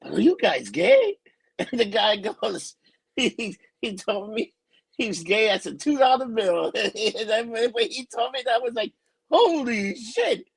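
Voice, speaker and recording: A man's voice: sits high, measured pace, creaky, slightly rough, low-quality recording. A man co-hosting a podcast in crude casual chat, rambling, repeating himself and saying "dude" often. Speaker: podcast co-host.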